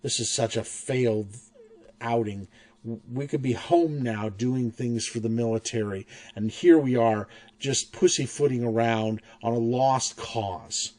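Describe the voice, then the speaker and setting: A man's voice: mid-range voice, steady tone, measured pace, darkish tone, no room sound, close to an everyday voice. A man voicing a weary, grumpy woman soldier who talks in a sighing, dismissive way. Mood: grumbling.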